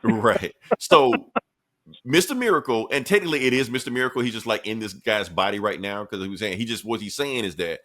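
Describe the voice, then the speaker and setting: A man's voice: fairly low pitch, a little fast, bright, forceful tone. Laid-back, cussing male podcast host. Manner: laid-back, profane, laughing often. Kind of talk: casual comic book recap.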